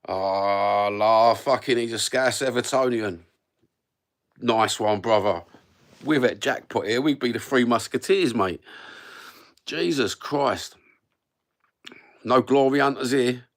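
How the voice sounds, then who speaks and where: A man's voice: mid-range voice, takes it slowly, long pauses. A man in his fifties with a Cockney accent, chatting and ranting casually on a live stream in a rambling, sweary, blokey way, recorded on a phone. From London. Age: 50s.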